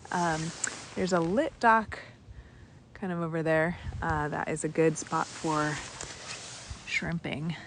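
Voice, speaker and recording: Woman, naturalist guide, live stream commentary, excitable, bubbly, outdoors at night, faint background noise. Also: low voice, takes it slowly, long pauses. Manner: bubbly and excitable, gushing over sea creatures.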